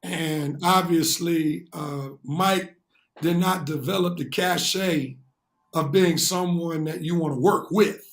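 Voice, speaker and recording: Man, high voice, sports talk co-host, earnest, lays out points at length. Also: fairly even intonation, slow pace.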